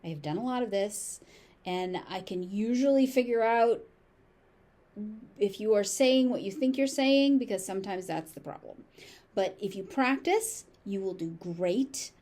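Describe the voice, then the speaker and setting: A woman with a General American accent teaching pronunciation, saying each word several times slowly and deliberately. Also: medium pitch, animated, a little mellow. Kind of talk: slow, carefully articulated pronunciation lesson.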